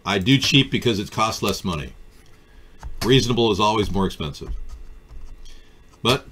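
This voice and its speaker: A man's voice: lowish voice, expressive, normal speed, a bit bright, a little hiss or hum. A man hosting a live political talk stream, riffing sardonically on viewer comments. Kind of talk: casual political chat.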